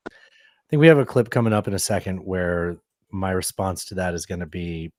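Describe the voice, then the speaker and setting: A man's voice: sits low, fairly quick, darkish tone, dry recording. A man co-hosting a podcast, reacting to clips in casual chat with a riled-up, sarcastic manner and lots of restarts. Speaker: podcast co-host.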